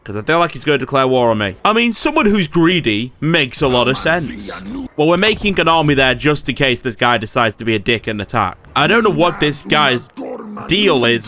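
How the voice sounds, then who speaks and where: A man's voice: medium pitch, big pitch swings, moderate pace, sharp tone, faint music behind. A man giving casual, swearing commentary over his strategy game and talking back at the computer players. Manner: swears, talks to enemy AI lords in frustration. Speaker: gaming YouTuber.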